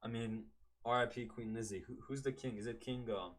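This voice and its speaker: A man talks football on his solo podcast in a loose, rambling way. His voice sits at an average male pitch. He keeps second-guessing himself and drops "man" into nearly every thought. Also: fairly even intonation, fairly quick. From Canada. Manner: rambling, self-correcting, keeps saying "man". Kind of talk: casual solo podcast chat.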